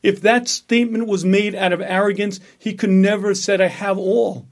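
A rabbi giving a Torah lecture, emphatic and full of rhetorical questions. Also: male voice, high voice, steady tone, fairly quick.

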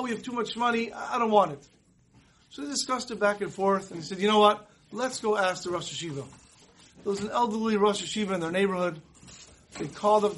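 A man giving a Torah class, telling a story and acting out the dialogue in lively voices. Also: high-pitched, slight background noise, poor audio. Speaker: rabbi.

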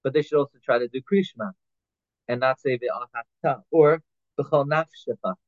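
Man as a Torah teacher, middle pitch, phone-like sound, dry. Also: moderate pace, no echo. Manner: reads Hebrew phrases then explains them in English, with restarts and fillers. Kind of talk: halacha class, translating Hebrew text line by line. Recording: tinny phone-like line, dry.

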